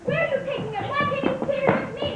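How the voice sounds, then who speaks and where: A woman's voice: very high voice, fairly even intonation, fast, highs cut off, very noisy. A woman playing Dorothy, a frightened young girl, in a stage play, pleading and earnest. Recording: echoey stage from far off with music.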